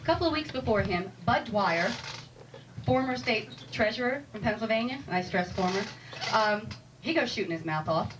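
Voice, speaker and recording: A woman's voice: medium pitch, lively intonation, moderate pace. A female stand-up comedian with a wry, self-deprecating delivery, heard on a distant mic in a noisy club.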